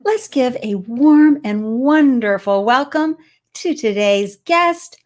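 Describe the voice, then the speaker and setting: A woman's voice: high voice, lively intonation, slow pace, a little mellow. A woman from Boston hosting a live-stream interview show, bubbly and effusive as she welcomes viewers and her guest. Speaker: host.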